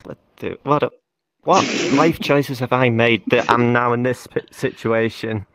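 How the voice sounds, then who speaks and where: A man's voice: medium pitch, fairly even intonation, measured pace, a bit bright, no echo, clean studio sound. A man, a guest on a casual VR chat show, talking in a wry and bemused way and laughing through his words.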